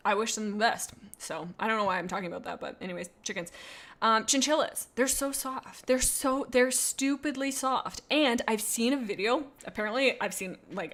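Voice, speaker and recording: A woman's voice: medium pitch, fairly bright tone. A woman streamer chatting casually on a live stream and reading viewer comments, in a playful, goofy way that rambles and often breaks off to restart. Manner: rambling and self-interrupting, with many restarts and asides.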